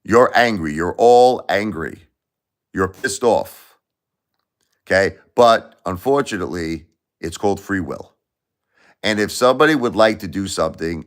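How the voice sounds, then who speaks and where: A man hosting a casual livestream, talking emphatically and repeating himself, swinging between loud and quiet. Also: deep voice, lively intonation, measured pace, long pauses. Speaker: livestream host.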